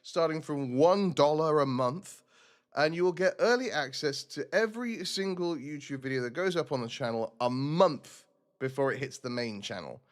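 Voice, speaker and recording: Male game streamer, chatty and self-deprecating, with a lively, animated delivery. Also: fairly high pitch, moderate pace. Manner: rambling, self-mocking, chatty. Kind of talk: casual game stream chat.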